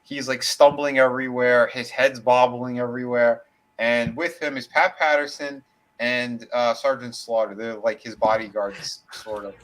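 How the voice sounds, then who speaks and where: The man here co-hosts a casual wrestling podcast, with a mid-range, fairly bright voice, fairly even intonation, and a moderate pace. His long story wanders, packed with fillers, restarts, and casual profanity. The recording is low quality.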